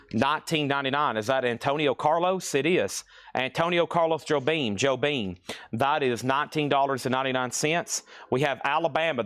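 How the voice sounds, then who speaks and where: Male auction host, mid pitch, dry close sound, quick price-calling patter. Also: fairly bright tone, no echo. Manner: rattles off titles and prices, calls bids going once, going twice. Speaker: live sale host. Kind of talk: live-stream record auction patter. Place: record shop.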